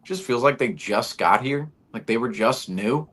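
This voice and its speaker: A man's voice: mid-range voice, lively intonation, measured pace, over a noisy crowd. A man co-hosting a live sports fan show, chatting casually and teasing his co-host.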